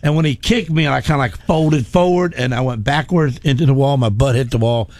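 A man telling a story as a guest in a casual chat, plain-spoken and halting with restarts. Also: medium pitch, very noisy.

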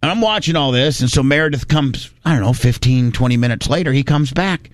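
A man's voice: mid-range voice, brisk, no room sound, studio quality. Folksy rambling storyteller man. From Indiana. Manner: rambling, folksy, restarts often. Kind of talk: casual storytelling.

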